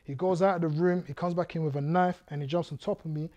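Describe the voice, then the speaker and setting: Animated man telling his testimony. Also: a little high, quick pace, dull audio. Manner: vivid storyteller who reenacts scenes and directs the audience. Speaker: guest speaker. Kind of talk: testimony storytelling to a youth audience.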